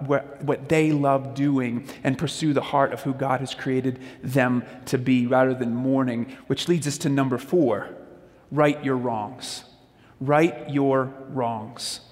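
A man's voice: medium pitch, in a large hall. A man giving a sermon-style talk on parenting, telling stories conversationally and speaking straight to the audience. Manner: conversational storytelling, addresses the audience directly.

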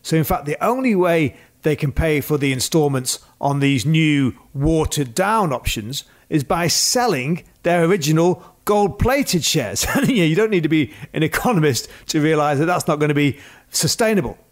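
A man's voice: on the high side, expressive, moderate pace. A man co-hosting a casual history podcast, explaining events and chuckling between points. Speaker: podcast co-host.

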